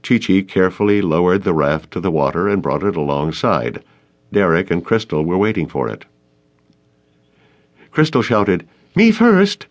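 Male audiobook narrator, low voice, very lively delivery. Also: a little fast, highs cut off. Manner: expressive, storytelling. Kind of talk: scripted narration.

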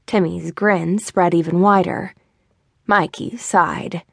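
A woman narrating a mystery novel with an even storytelling delivery. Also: mid-range voice, unhurried, dry recording, studio quality. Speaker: audiobook narrator. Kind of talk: scripted narration.

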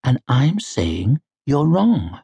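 A man's voice: mid-range voice, huge pitch swings, drawn-out words, dark tone, breathy edge, dry recording, heavily acted. A man voicing a vain, scheming prince. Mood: wry. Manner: dry and wry, snapping when angry. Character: scheming young prince, vain and sharp-tongued.

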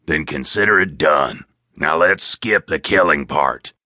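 A man voicing a gruff, foul-mouthed, arrogant adult man in an audiobook, in a low, scornful voice. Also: measured pace, bright, forceful tone, no room sound, studio quality, heavily acted.

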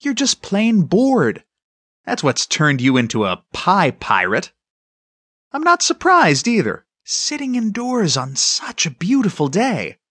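A man voicing a firm but gentle mother in an audiobook, speaking in a dryly teasing way. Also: high-pitched, wildly swooping pitch, takes it slowly, breathy edge, no room sound, pitched above the performer's own voice, heavily acted.

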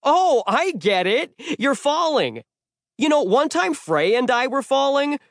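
A man's voice: sing-song, a little slow, creaky, a bit bright, no room sound, clean studio sound, exaggerated voice. A man voicing a cheerful, chatty talking magic sword in an audiobook, eager and rambling. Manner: eager, rambling, high-pitched. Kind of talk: audiobook character voice.

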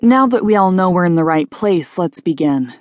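A woman's voice: fairly low pitch, expressive, moderate pace, no echo, natural voice. A woman voicing a middle-aged male college professor with a dry, wry teacherly delivery.

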